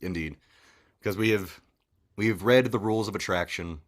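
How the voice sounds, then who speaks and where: Male podcast co-host, casual chat, relaxed delivery, low voice. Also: normal speed. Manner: relaxed, wraps up the show.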